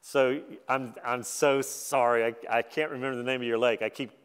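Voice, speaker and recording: Man preaching a sermon, casual and self-deprecating, mid-pitched voice, long church-hall reverb. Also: normal speed, clean tone. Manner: conversational, self-deprecating, animated when quoting scripture. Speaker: guest preacher.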